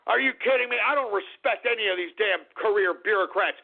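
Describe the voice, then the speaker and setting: A man's voice: high voice, fairly quick, vocal fry, hardly any pauses. A man hosting a radio show, ranting angrily at listeners, cursing heavily and repeating his points. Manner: angry ranting, heavy cursing; repeats phrases, addresses listeners as folks. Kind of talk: call-in radio rant. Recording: tinny phone-like radio audio.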